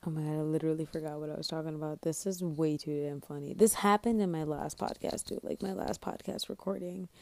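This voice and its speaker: A young woman hosts her own podcast alone, rambling from thought to thought in a sleepy, scatterbrained, self-mocking way. She swears casually as she talks. Her voice sits fairly low with a mellow, soft tone, recorded dry and close. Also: steady tone, fast talker, creaky, hardly any pauses, dry recording. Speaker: podcast host. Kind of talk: rambling solo podcast chat.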